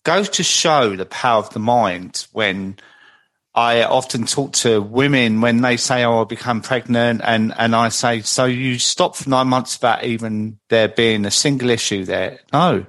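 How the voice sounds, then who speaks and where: A man's voice: medium pitch, a little slow, a bit bright. A man hosting a podcast, chatty and full of anecdotes. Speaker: podcast host. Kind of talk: casual podcast conversation.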